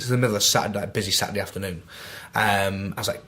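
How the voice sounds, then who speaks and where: Racing along with few pauses, his voice sits on the low side. He is a Manchester man in his twenties with a Mancunian accent, a podcast guest telling casual anecdotes and animatedly acting out the lines he quotes.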